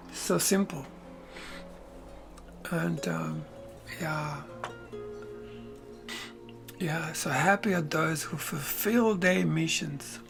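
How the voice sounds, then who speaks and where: A man, a podcaster giving a reflective spiritual talk, unhurried and soft-spoken, often drifting into near-whispers. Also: on the high side. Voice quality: gravelly. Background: faint music.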